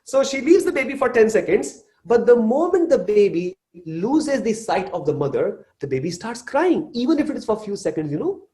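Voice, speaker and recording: A man's voice: sits high, big pitch swings, a little fast, mellow. A man, giving a live motivational talk and addressing the audience directly. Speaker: motivational speaker.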